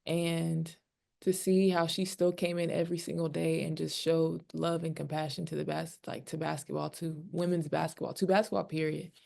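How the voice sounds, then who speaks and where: A professional basketball player with a low, creaky, darkish voice answers press questions at a moderate pace and level tone. She is candid and emotional, close to tears, rambling with many fillers.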